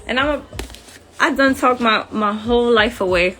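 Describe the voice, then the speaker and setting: A woman's voice: a little high, normal speed, fairly bright tone, faint music behind. A woman with an accent hosting a casual phone livestream, chatty and friendly, using informal slang. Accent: accented English. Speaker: livestream host.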